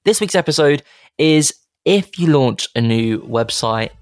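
A man's voice: on the high side, expressive, unhurried. A man hosting a marketing podcast, talking in an enthusiastic, chatty and digressive way. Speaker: podcast host. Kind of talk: casual podcast monologue.

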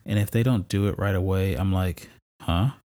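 A man's voice: low voice, fairly even intonation, fairly quick, mellow. A married man with children who hosts a podcast, telling a personal faith story in a conversational, storytelling way with fillers and laughs. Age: adult, married with kids. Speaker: podcast host.

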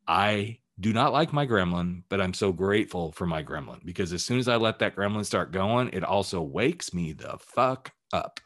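A man's voice: low-pitched, animated, measured pace, a bit bright. A man who works as a life coach, giving a candid, emphatic motivational talk on his podcast and swearing casually as he goes.

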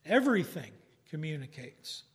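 A middle-aged man preaching a sermon, teaching in a measured way with occasional fillers. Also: fairly high pitch, big pitch swings.

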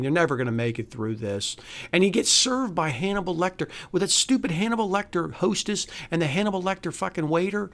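Angry, profane solo podcast ranter. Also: medium pitch. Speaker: podcast host. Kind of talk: solo ranting monologue.

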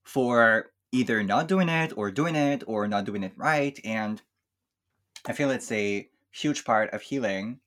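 A man speaking English as a second language, talking reflectively and softly with many fillers in a casual chat. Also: medium pitch, a little slow. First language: not English. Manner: reflective, soft-spoken, with frequent fillers. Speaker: podcast guest. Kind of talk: casual chat about emotional healing.

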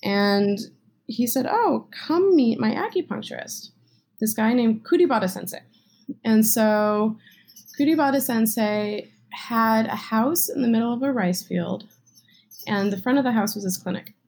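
A woman's voice: a little high, a little slow, a little mellow. A woman guest telling a personal story and explaining with analogies in a casual interview. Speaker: acupuncturist guest.

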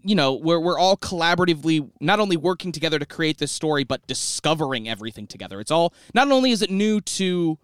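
A man chatting as a podcast guest, his voice a little high and swinging lively up and down. The tone is smooth and resonant, and it is recorded dry and close with no room echo. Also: fast, hardly any pauses. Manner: enthusiastic, animated. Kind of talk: casual podcast chat. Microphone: studio microphone.

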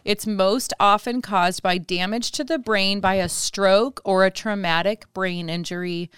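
A woman's voice: medium pitch, fairly even intonation, unhurried, a bit bright, smooth, no room sound, studio quality. A woman co-hosting a podcast in casual chat, with a curious, chatty manner. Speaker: podcast co-host.

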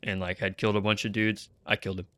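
A man playing in a tabletop role-playing game, talking casually, with gruff in-character lines. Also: lowish voice, little pitch movement, fast talker, pushed and bright, dry recording. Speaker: player. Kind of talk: casual chat.

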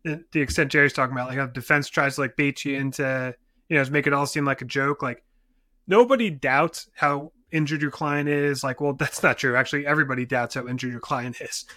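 A man's voice: mid-range voice, sharp tone, dry recording, studio quality. A man with a New Jersey accent, an injury lawyer co-hosting a podcast, talking in rambling casual chat full of fillers. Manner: rambling, filler-heavy, quick mimicry.

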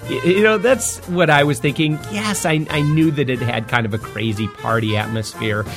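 A man of middle pitch tells a story on his podcast in a casual, lively way. He laughs often and his voice jumps up high when he gets excited. Faint music plays behind him. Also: normal speed. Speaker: podcast host.

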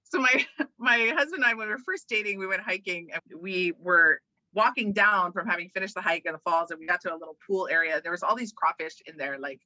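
A woman with a very bright, sharp voice chats in an interview, laughing easily and dropping into silly voices. The recording is dry and a little dull, with no room sound. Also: medium pitch, a little fast, dry recording. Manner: playful, laughs often, slips into silly voices. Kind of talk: casual interview chat, trying out voices.

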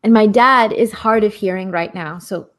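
Here a woman's mid-range voice moves at normal speed as she, a guest speaker and activist in her forties, shares a personal story. Her delivery is impassioned and earnest, built on rhythmic repetition of phrases, with soft laughter.

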